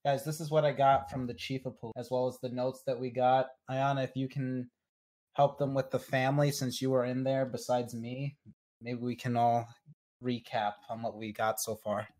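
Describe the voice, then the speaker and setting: A man's voice: mid-range voice, level tone, moderate pace, darkish tone. A man playing in a tabletop game, speaking casually and matter-of-factly in character and out. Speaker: player. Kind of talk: tabletop role-play chat.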